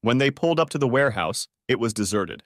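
A man's voice: medium pitch, big pitch swings, quick pace, a bit bright, dry recording. A man narrating a dramatic audiobook story in a scripted reading, on a close studio mic.

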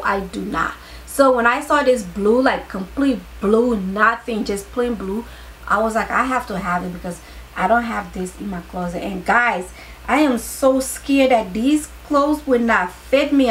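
A tired woman vlogger chatting casually to her viewers during a clothing haul, excitable, with her voice starting to crack. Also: fairly high pitch, slight background noise, low-quality recording. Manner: excitable, talks straight to viewers.

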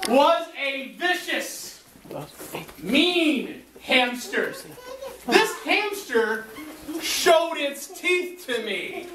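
A woman telling a story to children in church, animated and asking them questions. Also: sits high. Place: large church hall. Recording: echoey hall, recorded from far off.

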